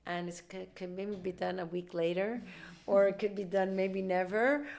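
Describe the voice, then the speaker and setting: A woman hosting a podcast and telling stories in a relaxed, chatty way. She talks fast and lively and slips into other people's voices when she quotes them. Her voice sits at a middling pitch for a woman. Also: gravelly. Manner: rapid, animated talk, acting out quoted dialogue. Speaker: podcast host; mother. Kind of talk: casual conversational storytelling.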